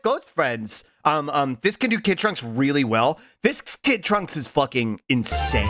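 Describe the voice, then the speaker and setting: A young man streaming, chatting casually to his viewers, rambling and swearing as he slips into quick voice impressions. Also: a little high, wildly swooping pitch, fairly bright tone, soft background music. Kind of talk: casual livestream chat.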